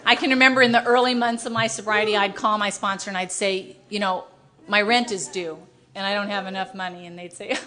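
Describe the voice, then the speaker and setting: A middle-aged woman speaking at a recovery meeting, telling her story in an animated, self-mocking way and acting out the dialogue. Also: medium pitch, brisk, a crowd in the background. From United States. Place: meeting hall with a live audience.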